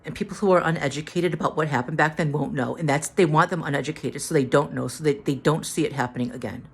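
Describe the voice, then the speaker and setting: A tired, drained woman telling a story to the camera in a halting way, repeating words and restarting. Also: deep voice, gravelly, breathy edge. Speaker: vlogger.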